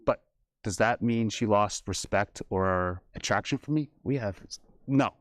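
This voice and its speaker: A man speaking as a panel guest in a relaxed, conversational way, telling personal stories. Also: fairly low pitch, unhurried, dry recording. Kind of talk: casual panel debate.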